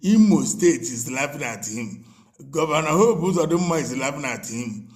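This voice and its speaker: Male commentator, higher pitch, scornful repetitive rant. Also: lively intonation, normal speed. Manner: mocking, repetitive, laughing, stammers and switches to Igbo. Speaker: political commentator. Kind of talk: ranting commentary.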